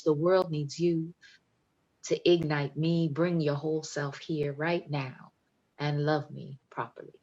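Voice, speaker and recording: Woman poet, low voice, emphatic, playful, muffled video call sound. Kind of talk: poetry reading and chat.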